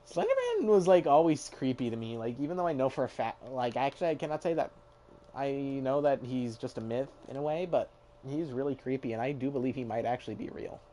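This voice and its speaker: Mellow-voiced man rambling candidly. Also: mid-range voice, fairly quick. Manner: rambling, candid, full of likes. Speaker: gaming channel host. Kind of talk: casual gaming commentary.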